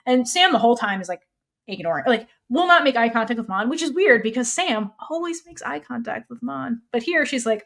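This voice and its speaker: Woman podcast co-host, fairly high pitch, animated casual recap. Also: a little fast, vocal fry. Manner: animated, swears freely, acts out characters' lines.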